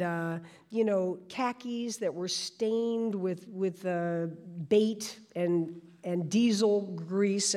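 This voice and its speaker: A woman, telling stories as a guest in an animated way and often restarting her sentences. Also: mid-range voice. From New York. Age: 60s. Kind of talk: storytelling.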